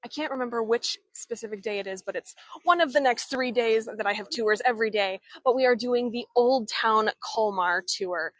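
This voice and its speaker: A woman's voice: fairly high pitch, moderate pace, few pauses, no echo. A woman chatting casually as she leads a live-streamed walking tour outdoors in an old town, talking to viewers' comments while holding her camera. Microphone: handheld camera or phone she turns while walking.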